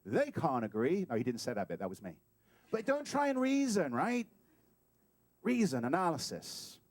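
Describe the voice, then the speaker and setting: Guest preacher, male, tenor-ish, dry close sound, playful and animated delivery. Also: a little high, moderate pace, no room sound. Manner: animated and playful, acts out scenes. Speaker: guest speaker at a spiritual center. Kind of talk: sermon. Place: talk hall.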